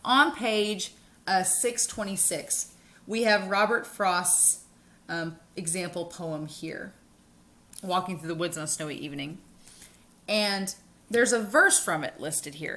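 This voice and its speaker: Bright-voiced woman giving an English lecture. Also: lowish voice. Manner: upbeat, explanatory, slows to read verse aloud. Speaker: college English instructor. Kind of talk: recorded lecture.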